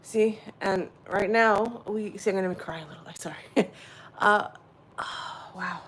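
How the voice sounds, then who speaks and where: A woman hosting a casual spiritual livestream, rambling warmly and answering her viewers' chat directly. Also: mid-range voice, slow pace, slight background noise. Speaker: livestream host.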